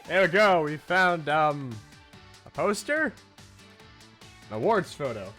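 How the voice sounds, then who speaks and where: Man streaming a game, bright lively voice. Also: a little high, slow, faint music behind. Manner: reads characters in his own voice, laughs at his own attempts. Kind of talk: casual let's-play commentary and reading game dialogue aloud.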